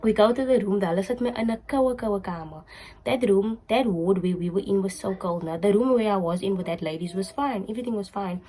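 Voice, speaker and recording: A woman's voice: mid-range voice, brisk, mellow, poor audio. A young woman with a South African accent telling a personal story in a casual, emotional way, slipping into Afrikaans words. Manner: emotional, repetitive, switches into Afrikaans. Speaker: vlogger.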